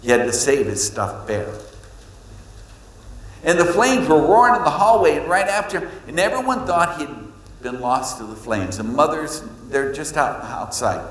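A man preaching a sermon, reading scripture and telling stories, with his pitch jumping up on points he wants to stress. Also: normal speed, slight background noise. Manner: animated storytelling, pitch leaps on emphasis. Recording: echoey hall with long reverb.

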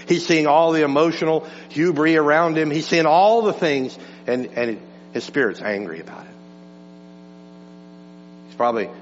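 A male pastor delivering an impassioned sermon, swinging between raised and hushed delivery. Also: mid-range voice. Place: church sanctuary. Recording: dull church recording with long reverb and mains hum.

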